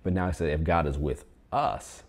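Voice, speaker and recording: A man's voice: extremely low pitch, fairly even intonation, normal speed. A man preaching a sermon, reading scripture aloud and urging the online congregation to repeat phrases after him. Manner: preaching with call-and-response prompts to the online congregation. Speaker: pastor.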